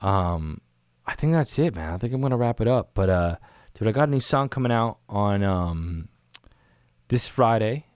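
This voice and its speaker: On the low side and animated, a man speaks at a moderate pace with a clean tone and no room sound. He hosts a laid-back solo podcast from a small studio, rambling and constantly saying "dude" and "man" into an on-camera studio mic.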